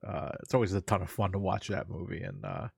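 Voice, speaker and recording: A man with a low, gravelly and husky voice chatting casually on a podcast. He talks in a laid-back way and repeats words while he gathers his thoughts. The sound is dry and close. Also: steady tone, fast, no room sound. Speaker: podcast co-host. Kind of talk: casual chat.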